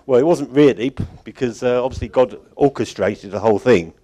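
A man's voice: mid-range voice, brisk, warm tone. A man giving an informal, rambling closing address at a church conference. He chuckles often and keeps correcting himself. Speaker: conference organiser addressing congregation.

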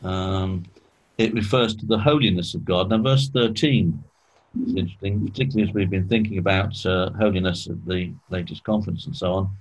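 A man teaching a small group in an informal Bible study, explaining slowly and asking questions, clearing his throat often. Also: deep voice, rough recording.

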